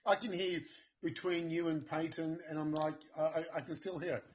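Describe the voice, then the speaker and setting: A man guest talking earnestly and haltingly about his writing. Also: fairly high pitch, little pitch movement, lo-fi sound. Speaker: guest author. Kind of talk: casual interview chat.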